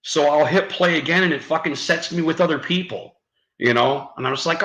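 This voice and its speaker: Male streamer, bright and chatty, loose and profane, prone to laughter, in a roomy space. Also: a little high, fairly quick, dull audio. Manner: laughs often, swears freely, rambling. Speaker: live streamer. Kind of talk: casual live-stream chat.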